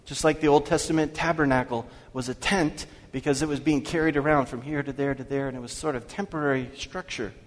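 A man preaching a sermon as pastor, asking his congregation questions and slowing down to read scripture aloud. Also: a little high, fairly even intonation. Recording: long hall reverb.

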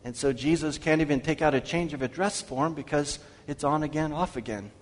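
A man preaching a sermon as pastor, asking his congregation questions and slowing down to read scripture aloud. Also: a little high. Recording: long hall reverb.

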